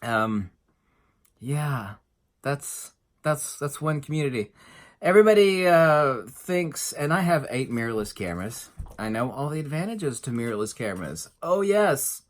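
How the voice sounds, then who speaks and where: A man's voice: medium pitch, lively intonation, a little slow. A middle-aged man giving an emphatic, sarcastic monologue as a photography vlogger, with frequent fillers and restarts. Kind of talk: opinionated casual monologue.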